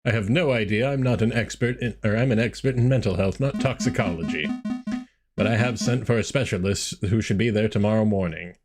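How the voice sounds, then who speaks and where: A man's voice: lowish voice, brisk, music in the background, lightly acted. A man voicing a flustered male doctor in a game, speaking hesitantly and fumbling his words.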